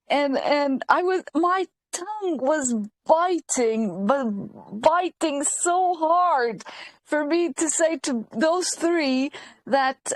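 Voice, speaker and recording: High-voiced woman telling a lively story. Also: extremely slow, no echo. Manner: animated storytelling, quoting others, frequent laughs and restarts. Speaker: host. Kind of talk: casual chat.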